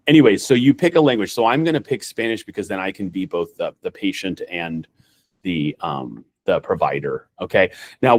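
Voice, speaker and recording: A man who works as a nurse practitioner, giving a casual, rambling training demo over a video call, full of fillers and restarts. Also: lowish voice. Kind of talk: casual screen-share training talk.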